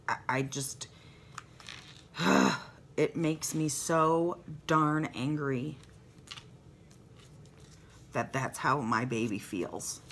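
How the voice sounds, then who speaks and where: Older woman vlogger, low gravelly voice, slow rambling chat, faint hiss behind. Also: a bit bright. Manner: rambling, heartfelt, trails off into asides. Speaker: planner vlogger. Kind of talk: chatty planner vlog.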